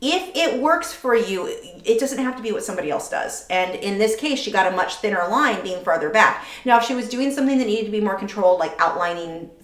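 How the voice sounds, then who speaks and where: A woman's voice: medium pitch, animated, brisk, hardly any pauses. A woman in her thirties hosting a casual live painting stream, coaching a friend and reading viewer comments aloud in a chatty way. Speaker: art teacher and livestream host. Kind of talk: casual livestream chat while teaching. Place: home studio, indoors. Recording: echoey room.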